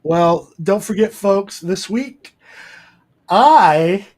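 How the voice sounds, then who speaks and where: A man's voice: mid-range voice, unhurried. A man co-hosting a podcast in casual chat over a remote call, rambling with lots of fillers and restarts. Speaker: podcast co-host.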